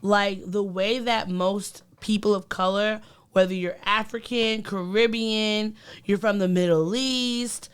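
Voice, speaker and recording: A woman's voice: medium pitch, steady tone, slow pace, clean tone. A woman co-hosting a podcast, talking in an earnest, reflective way with many ums and likes. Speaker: podcast co-host. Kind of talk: casual podcast chat.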